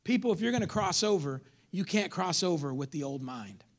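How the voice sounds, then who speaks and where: A middle-aged man preaching a sermon as pastor. He swings between loud calls to the congregation and near whispers, and uses casual street slang. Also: fairly high pitch, expressive, normal speed, gravelly.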